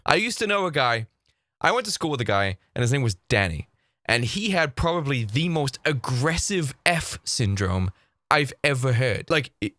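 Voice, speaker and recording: A man's voice: medium pitch, no room sound, clean studio sound. A man ranting sarcastically as the host of a reaction video. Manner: sarcastic, animated, mocking. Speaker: YouTube host reacting to clips.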